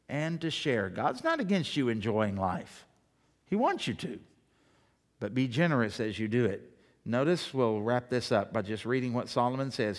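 Emphatic man preaching a sermon. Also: medium pitch. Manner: emphatic preaching with dramatic pauses and sudden volume swells. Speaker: pastor.

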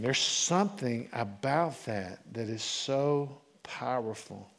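A pastor preaches conversationally, posing questions to the congregation and swinging between loud and hushed delivery. His mid-range voice moves slowly, with few pauses.

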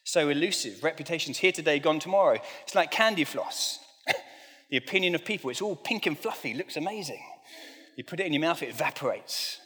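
A man's voice: on the high side, animated, fairly quick, pushed and bright. A middle-aged man preaching a sermon in a conversational, self-deprecating way with light humor. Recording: long reverb of a large hall.

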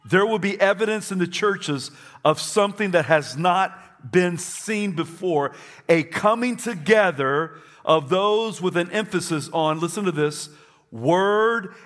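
A man's voice: high voice, unhurried, a bit bright. A man preaching a sermon to a congregation, emphatic and repetitive, leading them to say phrases back. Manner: emphatic, repeats phrases for the crowd. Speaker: pastor. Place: church.

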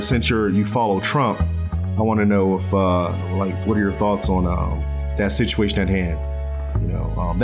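A man hosting a casual solo podcast from his bedroom, talking in a loose, rambling way with many fillers and restarts. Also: fairly low pitch. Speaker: podcast host. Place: bedroom at home.

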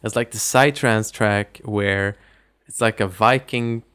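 A man co-hosting a casual movie review podcast, retelling scenes in a lively way and laughing often. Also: lowish voice, slow pace, clear, resonant tone. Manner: animated retelling, acts out lines, laughs often. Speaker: podcast co-host.

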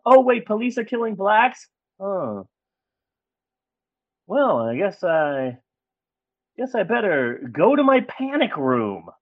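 Woman doing a preening fake-sincere celebrity, sing-song and mocking, pitch swinging widely. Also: sing-song, slow, pauses often, highs cut off, heavily acted. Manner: mocking, sing-song self-important parody. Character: smug, fake-caring celebrity, either sex, adult.

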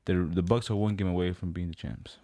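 A man's voice: low voice, steady tone, fairly quick, dark tone, slight background noise. A man in a casual chat, talking in a laid-back, slangy way with plenty of hesitations. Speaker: podcast co-host.

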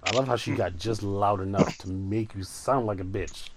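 A man's voice: on the low side, fairly even intonation, moderate pace, crowd noise. A young man bantering casually with friends as a co-host, joking and laughing. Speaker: podcast co-host. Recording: noisy room recording.

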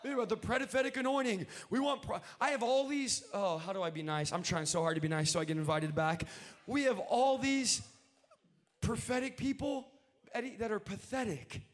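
High-voiced young male evangelist. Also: steady tone, moderate pace. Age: 20s. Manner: swings from quiet joking asides to shouted preaching. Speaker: evangelist preacher. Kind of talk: sermon.

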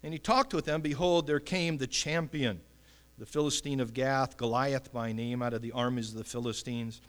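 Guy preaching, lively, acts out voices, big echoey hall. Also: medium pitch, normal speed. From United States. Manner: animated, acts out voices, chuckles. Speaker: pastor. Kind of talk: sermon. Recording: long hall reverb.

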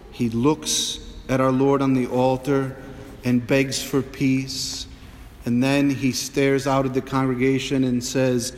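A priest giving an Easter homily in a measured preaching voice with humorous asides. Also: male voice, mid-range voice, big-room sound, a little hiss or hum. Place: church.

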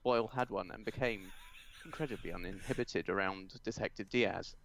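A man voicing a stiff, formal male police captain, in a slow, deadpan comic fan-fiction reading. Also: fairly low pitch, a little hiss or hum, voice pushed down.

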